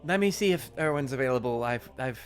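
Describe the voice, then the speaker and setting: A harried but courteous barmaid in a tabletop game, as a man puts her on. She talks with quick stammers, sounds slammed with work, and keeps her tone polite. Faint music plays behind. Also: medium pitch, lively intonation, close to an everyday voice.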